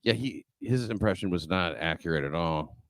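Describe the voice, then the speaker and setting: A man's voice: low voice, normal speed, fairly bright tone, no room sound, clean studio sound. A man hosting a casual late-night show, talking loosely with profane asides and laughter. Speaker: podcast host.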